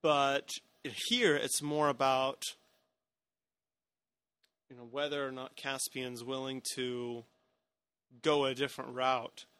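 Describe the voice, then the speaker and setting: A man's voice: mid-range voice, level tone, slow pace, long pauses, a bit bright, clean tone, no room sound. A man co-hosting a podcast, talking casually about a film, hesitant with many fillers and restarts. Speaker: podcast co-host.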